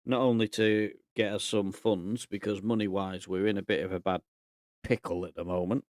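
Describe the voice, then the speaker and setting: Low-voiced man thinking aloud. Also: moderate pace, no echo, clean studio sound. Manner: thinking aloud, relaxed and chatty. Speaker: gaming YouTuber. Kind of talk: casual game commentary.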